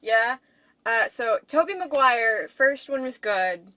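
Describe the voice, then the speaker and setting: A woman's voice: on the high side, lively intonation, takes it slowly, pushed and bright, no room sound. A young woman co-hosting a podcast, giggly and rambling as she chats casually. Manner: giggly, rambling, tries silly voices. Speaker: podcast co-host. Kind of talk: casual chat.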